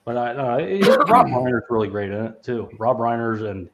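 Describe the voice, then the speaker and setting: A man's voice: mid-range voice, big pitch swings, fairly quick, background noise. A man hosting a podcast, chatting casually about movies, rambling and laughing as he swears freely. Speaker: podcast host. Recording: dull lo-fi sound.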